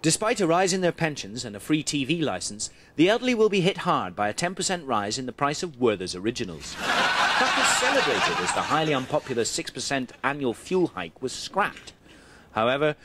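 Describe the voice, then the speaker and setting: A man reads a spoof news report in a dry, mock-serious voice whose pitch moves in a lively way. Loud noise sits over the whole recording. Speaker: comic reporter.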